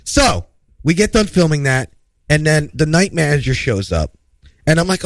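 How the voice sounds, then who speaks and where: A man's voice: medium pitch, expressive, normal speed, no echo. A man, an improv comedian, telling a rambling story in casual chat on a talk show.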